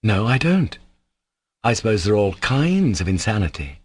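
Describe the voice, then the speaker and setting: A man reading as a gentle, earnest young man. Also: lowish voice, very animated, moderate pace, slightly rough. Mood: pleading. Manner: soft, pleading, earnest delivery. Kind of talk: audiobook character voice.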